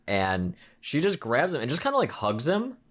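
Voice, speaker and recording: A man's voice: medium pitch, wildly swooping pitch, normal speed, a bit bright. A man co-hosting a podcast, recapping a horror film in a rambling, casual way with lots of fillers and restarts. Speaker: podcast co-host. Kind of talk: casual movie review chat.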